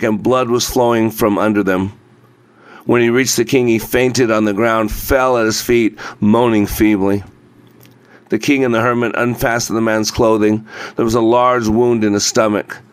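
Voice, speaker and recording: A man narrating a folk tale aloud in a measured, steady reading voice, slowing down in places. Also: medium pitch, clear, resonant tone, no room sound. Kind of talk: scripted storybook narration.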